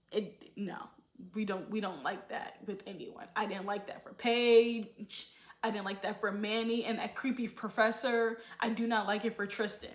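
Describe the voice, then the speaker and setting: A woman giving opinionated casual commentary and acting out quotes with animated emphasis. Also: mid-range voice, echoey room. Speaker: show commentator.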